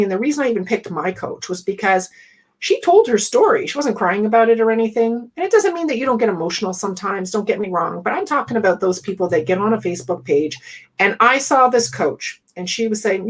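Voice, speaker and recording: Blunt, animated woman coach. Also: on the high side, quick pace, husky, rough recording. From West Indian family. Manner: blunt, animated, laughs often. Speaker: business coach. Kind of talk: podcast conversation.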